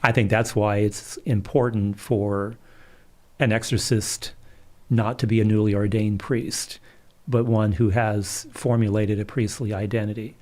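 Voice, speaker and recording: Middle-aged priest guy, lowish voice, calm measured storytelling. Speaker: Catholic priest and exorcist. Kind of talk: storytelling in a livestream interview.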